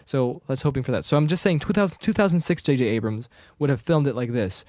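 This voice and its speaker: A man co-hosting a casual podcast, retelling a film scene by scene with quick voices for the characters. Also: mid-range voice, expressive, a little mellow, no room sound, studio quality. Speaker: podcast co-host. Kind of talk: casual chat.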